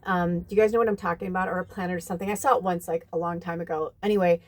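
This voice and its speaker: Racing along in a lowish voice with fairly even intonation, an American woman from the United States who works as a spiritual medium gives her viewers advice. She talks casually and rambles, leaning on lots of fillers and swearing now and then.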